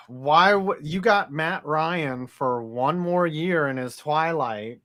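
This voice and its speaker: Loose, joking male podcast co-host, slightly high voice, swears freely. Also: takes it slowly, bright, forceful tone. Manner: loose, swearing, jokey asides. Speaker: podcast co-host reading listener comments. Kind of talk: casual sports chat.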